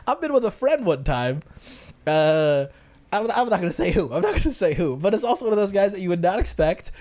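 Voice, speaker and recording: A man hosting a podcast, telling stories in an animated, joking way in casual chat. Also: high voice, a little fast. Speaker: podcast host.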